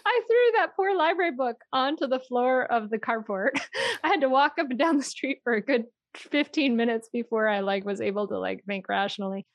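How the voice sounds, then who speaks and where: A woman who teaches mindful parenting, talking in a quick, expressive way and laughing often as she explains. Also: fairly high pitch, dry recording. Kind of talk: animated conversational explaining.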